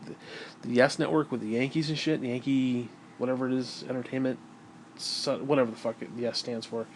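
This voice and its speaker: A man's voice: mid-range voice, darkish tone, a little hiss or hum. A man vlogging in a casual, rambling monologue that turns into a profane rant.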